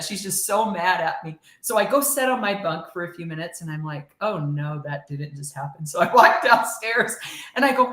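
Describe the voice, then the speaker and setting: A woman's voice: fairly low pitch, animated, fairly quick, fairly bright tone. A woman guest telling a story in casual chat, acting out quoted lines and laughing often. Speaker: podcast guest. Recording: echoey room.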